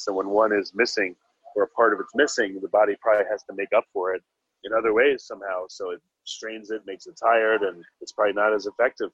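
A man's voice: on the low side, husky, no echo, highs cut off. A man interviewing a guest, asking questions in a casual, hesitant way.

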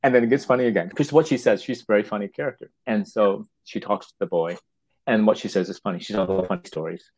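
Fields: Sex: man. Role: playwright. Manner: halting, with restarts. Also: lowish voice, a little mellow, low-quality recording. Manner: halting, restarts words, acts out quotes. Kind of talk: casual interview talk.

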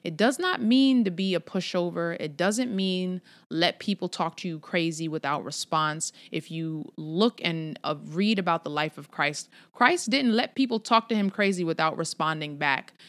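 Young woman, low voice, candid devotional speaker; conversational, slangy, sincere. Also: moderate pace, hardly any pauses. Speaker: Christian speaker addressing her email list. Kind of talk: informal devotional talk.

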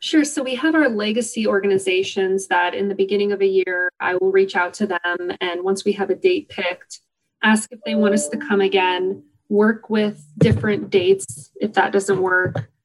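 Woman guest, upbeat, eager storyteller, mid-pitched, everyday conversational read. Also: steady tone, normal speed, poor audio. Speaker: guest, company volunteer program organizer. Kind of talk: conversational interview answers.

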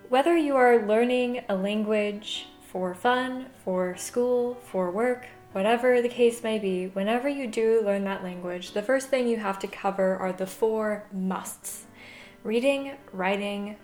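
A young woman from the USA hosting a podcast, giving a clear, measured, scripted monologue. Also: medium pitch, darkish tone, roomy sound, soft background music. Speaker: podcast host.

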